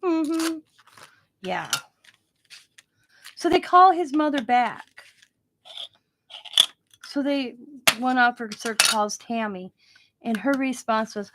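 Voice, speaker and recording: Middle-aged lady vlogger spinning a yarn, kinda high voice, super casual, laughs a lot. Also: takes it slowly, long pauses, a little hiss or hum. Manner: animated, informal, laughs at own story. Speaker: craft channel host. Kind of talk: casual storytelling.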